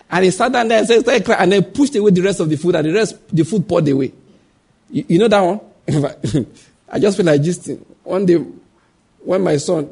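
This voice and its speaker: Male pastor, higher-pitched husky voice, preaching to a congregation with rhetorical questions and acted-out voices in his stories. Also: dark tone. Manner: acts out quoted voices. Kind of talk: sermon.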